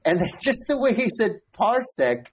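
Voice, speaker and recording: A man co-hosting a podcast in casual chat, speaking haltingly with many restarts. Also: high voice, big pitch swings, a little hiss or hum. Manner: halting, repeats words and restarts. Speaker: podcast co-host.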